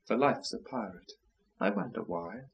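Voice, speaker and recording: A man reciting a long nonsense poem, declaiming with big swings between soft and loud lines. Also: on the low side, moderate pace, creaky, breathy edge, lo-fi sound. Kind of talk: dramatic recitation of nonsense verse.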